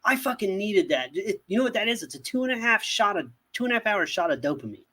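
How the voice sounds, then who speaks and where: A man with a slightly husky, somewhat high voice chats excitedly about a film on a podcast. He swears freely and laughs as he acts out lines from scenes. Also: fast talker. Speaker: podcast co-host. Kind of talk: casual chat.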